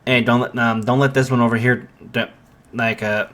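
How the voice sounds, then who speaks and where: A man voicing a hot-headed, jealous teenage boy who grumbles gruff insults, in a casual spoken fan story. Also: medium pitch, little pitch movement, normal speed, fairly bright tone, close to an everyday voice. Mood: grumbling.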